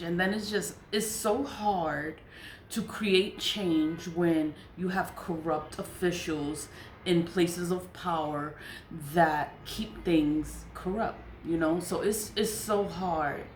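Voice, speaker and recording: A woman's voice: on the low side, slow, slight background noise. A woman telling a rambling personal story in a casual vlog, repeating herself and laughing often. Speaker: vlogger. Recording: roomy echo.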